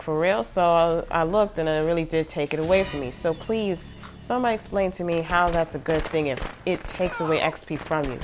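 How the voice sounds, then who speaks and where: Her voice is lowish, with a faint hiss or hum in the audio. She hosts a gaming channel and rambles casually through commentary on her own gameplay, exasperated and full of fillers.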